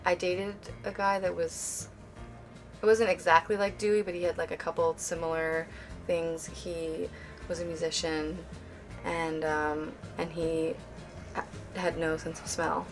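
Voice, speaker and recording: Woman, low, flat and gravelly, hesitant, faint music. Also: unhurried. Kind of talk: deadpan interview.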